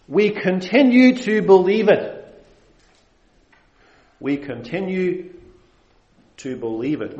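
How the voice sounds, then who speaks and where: A man preaching an expository sermon, slow and measured, stressing his words and drawing out the verses he quotes. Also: high voice, a little mellow. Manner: slow, measured, emphatic with drawn-out quotations. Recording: roomy, slightly dull recording.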